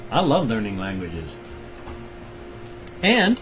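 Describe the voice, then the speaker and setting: A man's voice: medium pitch, very animated, a little slow, soft background music, poor audio. An older man from the Pacific Northwest with its accent, chatting in a rambling, self-correcting way in a casual solo vlog. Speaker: vlogger.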